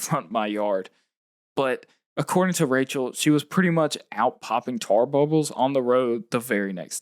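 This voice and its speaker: A man's voice: mid-range voice, no room sound, studio quality. Earnest male documentary narrator. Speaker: narrator and interviewer.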